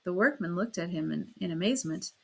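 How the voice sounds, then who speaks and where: A woman narrating a classic novel as an audiobook reader, in a steady storytelling manner. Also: fast talker, creaky, breathy edge. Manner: steady storytelling, raises pitch and volume for quoted speech. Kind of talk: scripted narration.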